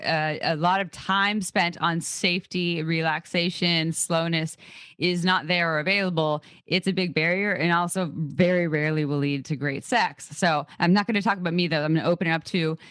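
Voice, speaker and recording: A woman's voice: lowish voice, fairly bright tone, no room sound. A woman podcast host talking candidly and chattily, acting out her own inner voice in quoted asides. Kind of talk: casual podcast chat.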